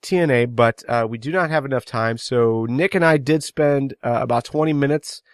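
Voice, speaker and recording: A man's voice: medium pitch, normal speed, no room sound, clean studio sound. A man hosting a casual podcast chat, steering the talk and asking pointed questions. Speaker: podcast host.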